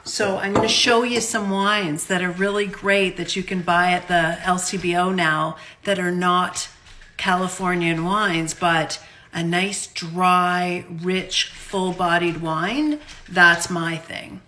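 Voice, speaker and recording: A woman's voice: lowish voice, steady tone, takes it slowly, sharp tone. A woman from Canada casually chatting about wines in her home kitchen, unscripted and self-deprecating. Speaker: home vlogger reviewing wines. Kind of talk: casual chat.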